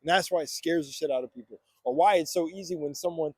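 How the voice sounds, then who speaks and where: A man's voice: on the high side, fast talker, husky, no room sound. A young man giving a fired-up morning motivational monologue on spirituality, preachy and swearing freely.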